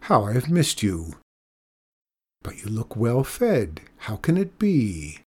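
A man voicing a weary, proud old woman who feeds stray cats, sharp and taunting in her speech. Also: mid-range voice, wildly swooping pitch, takes it slowly, slightly rough, exaggerated voice. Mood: fond.

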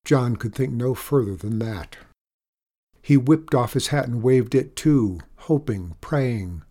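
A man reading a story aloud in an even, measured storytelling manner. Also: medium pitch. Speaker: narrator. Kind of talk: audiobook narration.

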